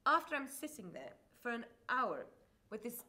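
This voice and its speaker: A woman's voice: a little high, big pitch swings, moderate pace, sharp tone. An actress playing a flamboyant single woman who dramatically recounts a disastrous date on stage, swearing freely. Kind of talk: live stage comedy storytelling.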